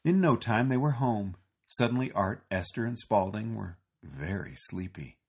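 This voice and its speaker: A man reading a storybook aloud with expressive, animated narration. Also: on the low side, unhurried, creaky, breathy edge.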